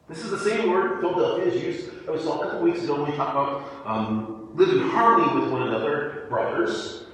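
A high-voiced male preacher teaches with a lively, swooping delivery, restarting and repeating words as he explains. He is heard from a distance in a large church hall with a long, roomy echo. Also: a little fast, slight background noise. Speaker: pastor. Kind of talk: sermon. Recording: echoey hall, voice from far off the mic.

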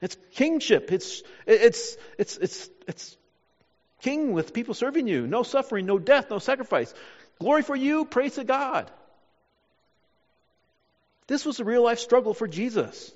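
A man preaching a sermon in a church. He preaches dramatically, pausing on key words and acting out the voices he quotes. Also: extremely high pitch, very animated, darkish tone. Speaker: pastor. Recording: dull sound, long hall reverb.

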